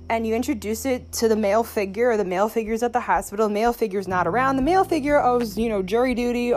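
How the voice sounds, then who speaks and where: A young woman hosting a solo podcast into her phone, rambling, profane and sarcastic, with sudden jumps in pitch. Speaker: podcast host.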